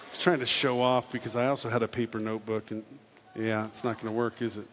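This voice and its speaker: A man's voice: lowish voice, quick pace. A man giving a jokey storytelling talk to a live audience, acting out the people in his story. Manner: animated, jokey, acts out quotes. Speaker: speaker giving a testimony talk. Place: large hall on stage. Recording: reverberant hall with faint ambience.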